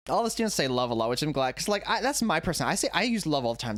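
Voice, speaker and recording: Fast and sing-song with few pauses, a man's fairly high, slightly bright voice comes through with no room sound. An English teacher at home, he rambles through a reaction video, correcting himself along the way, in a casual vlog.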